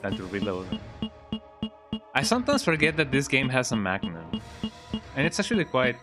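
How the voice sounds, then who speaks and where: A man streaming a video game, giving relaxed, rambling commentary with joking asides. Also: mid-range voice, moderate pace. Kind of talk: casual gameplay commentary. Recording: game capture with loud music. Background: game music and sounds.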